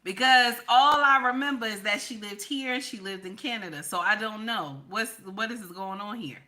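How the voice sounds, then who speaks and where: Blunt, bright-voiced woman. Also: mid-range voice, normal speed, low-quality recording. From New York / New Jersey area. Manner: blunt, emphatic, repeats lines for stress. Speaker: online commentator. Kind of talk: casual political commentary vlog.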